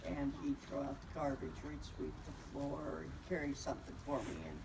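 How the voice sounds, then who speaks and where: A woman's voice: extremely low pitch, sing-song, brisk. An older woman sharing plain recollections at a memorial and making a short announcement. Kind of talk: eulogy at a memorial. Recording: distant mic, noisy room.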